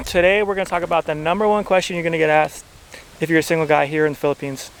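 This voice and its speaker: Man, travel vlogger, fairly high voice, bright tone, rambling casual storytelling, outdoors with faint background noise. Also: fairly even intonation, fast talker, gravelly. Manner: chatty, rambling, heavy use of "like". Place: outdoors at a beach table.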